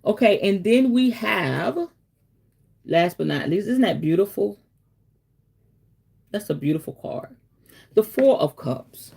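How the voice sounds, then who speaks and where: A woman's voice: medium pitch, expressive, slow pace, creaky, long pauses, dark tone, husky. A woman hosting a casual spiritual talk, chatty and preachy, often calling listeners baby and checking in with okay. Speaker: spiritual reader and host.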